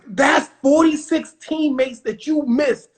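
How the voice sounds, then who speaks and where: High-voiced man telling stories. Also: takes it slowly. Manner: animated, acts out quotes, confident. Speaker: podcast guest, former pro basketball player. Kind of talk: casual storytelling interview.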